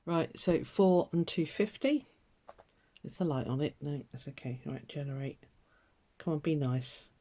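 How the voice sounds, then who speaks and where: A woman's voice: deep voice, a little slow, dark tone. A woman chatting casually to viewers while she colours, self-mocking and muttering to herself with little laughs. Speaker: colouring vlogger.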